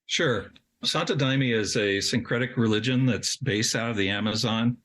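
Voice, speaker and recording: A man's voice: medium pitch, normal speed, fairly bright tone, slight background noise. A middle-aged man, a podcast guest, telling a long personal story in a rambling way, restarting sentences and laughing at himself. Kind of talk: storytelling in an interview.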